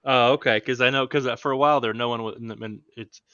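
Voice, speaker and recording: A man chatting on a livestream, animated and sarcastic in a joking way. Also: mid-range voice, fast talker, clean tone, no room sound, muffled recording. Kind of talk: casual group chat on a livestream.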